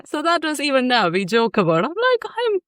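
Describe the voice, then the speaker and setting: A woman's voice: high-pitched, very animated, fast talker, over a noisy crowd. Laughing woman telling a personal story. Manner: warm storytelling, often laughing. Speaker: guest psychotherapist. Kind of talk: candid podcast conversation.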